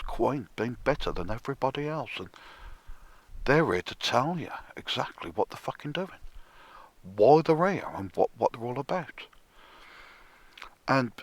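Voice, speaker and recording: A man rants in a slow, sardonic drawl, his husky voice sitting fairly high and swinging widely in pitch. He swears freely and keeps slipping into a whisper, recorded close and dry. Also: dry recording. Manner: sardonic, profane, slow and drawn out, often dropping to a whisper. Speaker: music commentator. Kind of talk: ranting monologue.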